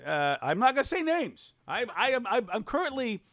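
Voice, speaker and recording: A man tells old radio-station stories in casual chat, lively and quick to laugh. His voice sits fairly high, and the sound is dry and close. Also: dry recording. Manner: animated, acts out quotes with big pitch swings, laughs often. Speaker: radio broadcaster guest. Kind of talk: casual storytelling on a podcast.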